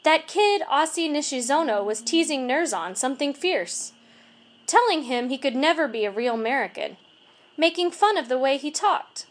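A woman reading a gentle old custodian. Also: sits high, animated, normal speed. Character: kindly older immigrant male school custodian. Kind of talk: storybook reading.

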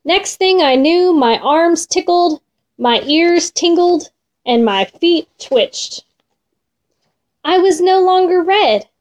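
A woman reading a children's storybook aloud in an expressive, gentle way. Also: very high-pitched, slow.

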